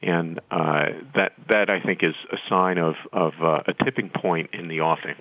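A very low-pitched man speaks as an interview guest, measured and thoughtful, often restarting his sentences. The recording is dull and lo-fi, with a dry, close sound. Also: fairly even intonation, no echo. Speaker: nonprofit chief executive, guest. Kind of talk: interview answers.

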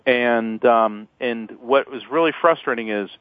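A man spins animated stories as an interview guest, chuckling along the way. His voice is thin and phone-like, and the sound is dry. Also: mid-range voice, measured pace, dry recording. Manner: animated anecdotes, chuckling often. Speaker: guest, lawyer and psychic author. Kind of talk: storytelling interview talk.

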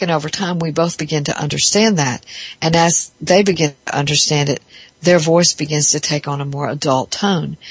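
A therapist talks through ideas in a thoughtful, explaining way, often stopping to restart a phrase. The voice sits at an ordinary middle pitch. The sound is close and dry, with no room echo. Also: husky. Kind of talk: reflective spoken talk on psychology.

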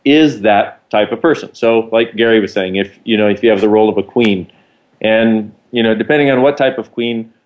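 A man's voice: fairly low pitch, fairly quick, highs cut off. A man co-hosting, explaining ideas in a casual, rambling teaching chat. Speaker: co-host.

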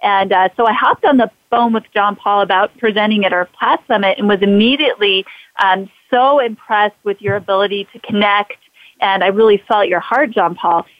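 A woman's voice: medium pitch, moderate pace. A woman hosts a conversational interview, telling a personal story in a rambling way with many fillers and restarts. Her voice comes through slightly muffled and lo-fi, with a dry, close sound and no room echo. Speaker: podcast host.

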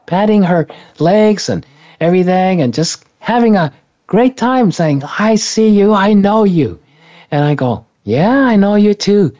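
A man's voice: a little high, a little mellow. A man telling a personal story in an interview, rambling with many restarts and self-corrections. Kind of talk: conversational storytelling. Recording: dull lo-fi recording.

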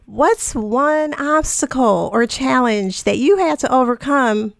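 A woman's voice: high voice, slow pace, vocal fry, no echo. A woman hosting a podcast in a studio, introducing her guests with enthusiasm and chatting casually. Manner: enthusiastic, effusive. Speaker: podcast host. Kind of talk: upbeat show introduction and casual chat.

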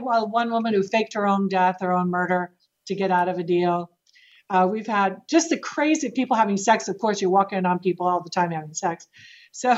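A woman working as a real estate agent, telling stories in a casual interview with laughs and quick restarts. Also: mid-range voice. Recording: dull lo-fi sound.

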